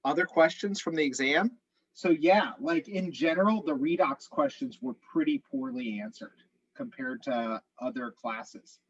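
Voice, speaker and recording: Guy teaching chem over a video call, kinda hoarse, goes step by step, muffled dry sound. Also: on the high side, animated, a little slow, no echo. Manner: explains step by step, methodical. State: slightly hoarse. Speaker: chemistry instructor. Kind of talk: online class review.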